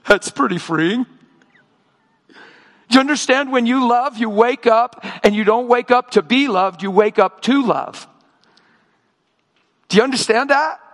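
An older man preaching a sermon, telling stories and acting out both sides of conversations with lively, emotional delivery. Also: very high-pitched, in a large hall. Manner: animated storytelling, acting out dialogue.

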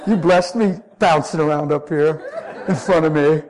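A middle-aged man preaching a sermon, passionate, laughing often, swinging from loud to hushed. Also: a little high, unhurried, heavy background noise.

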